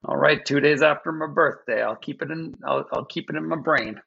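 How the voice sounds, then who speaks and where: Male physician guest, measured and explanatory; very gravelly, raspy, muffled lo-fi audio. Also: on the high side, sharp tone. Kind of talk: podcast discussion. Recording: dull, lo-fi sound.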